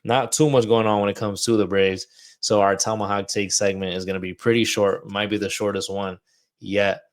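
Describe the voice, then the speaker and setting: A man's voice: fairly low pitch, little pitch movement, normal speed. A man hosting a casual baseball podcast, chatty and loose, a little out of breath. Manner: chatty, loose, talks through ad reads like a wrestler promo. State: a bit out of breath. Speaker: podcast host.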